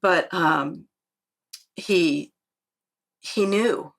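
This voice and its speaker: A woman's voice: on the low side, extremely slow, vocal fry. A woman author as an interview guest, chatty and earnest, laughing often and acting out the quotes in her stories. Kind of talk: casual interview storytelling.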